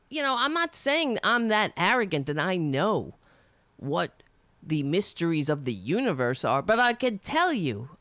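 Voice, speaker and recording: Unhurried indignant woman storyteller, dry close sound. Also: on the high side, a bit bright, no echo. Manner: rambling, indignant, profane, trailing off. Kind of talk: personal storytelling monologue.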